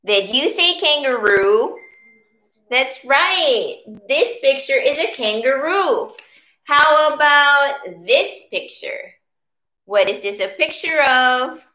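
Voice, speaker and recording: A woman leads a preschool circle time in a slow, sing-song way, stretching her words for small children. Her voice is bright and slightly high, patient and encouraging. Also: expressive.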